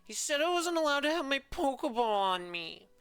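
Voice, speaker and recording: A man voicing a small, upset little girl in a high, whiny, sobbing voice. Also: big pitch swings, moderate pace, no echo, soft background music. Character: crying little girl who lost her pet.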